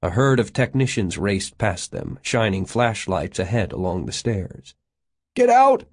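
A man reads a novel aloud in a steady, measured narration. His voice sits on the lower side. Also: breathy edge. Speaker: audiobook narrator. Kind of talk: scripted narration.

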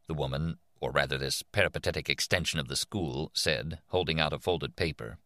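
Low-voiced man reading an audiobook. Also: no echo, clean studio sound. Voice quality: measured, expressive reading. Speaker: narrator. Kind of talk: audiobook narration.

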